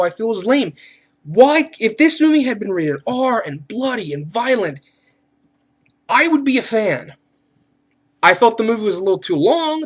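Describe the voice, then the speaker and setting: A man giving a casual, rambling film review, cursing freely and getting worked up as he rants. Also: high voice. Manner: rambling, profane, gets worked up when ranting. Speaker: movie reviewer.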